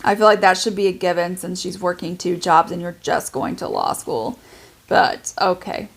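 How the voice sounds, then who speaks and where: A woman's voice: lowish voice, steady tone, normal speed, vocal fry. A young adult woman chatting casually in a book review vlog, filling her talk with "like". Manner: chatty, lots of "like" fillers. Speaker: book vlogger.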